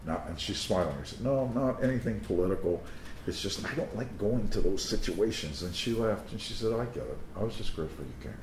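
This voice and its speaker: A man's voice: on the low side, lively intonation, fairly quick, a little mellow, a little hiss or hum. A man preaching a sermon, telling stories in a conversational way with asides to his listeners. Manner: anecdotal, conversational storytelling with asides to the crowd. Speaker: pastor. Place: teaching room before a live audience. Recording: roomy echo of a room.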